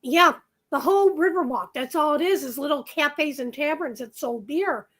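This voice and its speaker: A woman's voice: high voice, normal speed, fairly bright tone. A woman chatting casually on a livestream, telling stories and laughing easily. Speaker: livestream co-host. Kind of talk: casual live chat.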